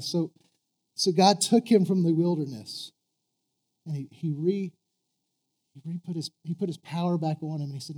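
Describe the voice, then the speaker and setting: A preacher with a somewhat high voice delivers a sermon in an earnest, halting way. He trips over his words, circles back and repeats phrases before driving a point home. He throws questions out to his congregation. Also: a little mellow. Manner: earnest, stumbling restarts and repeated words, rising to emphatic peaks.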